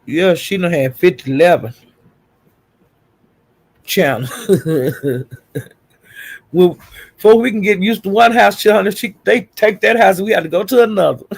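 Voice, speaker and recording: Gravelly gossipy livestream host, a man. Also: high-pitched, no room sound. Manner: gossipy, greets viewers in chat, calls them honey and child. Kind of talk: casual livestream chat. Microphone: streaming setup.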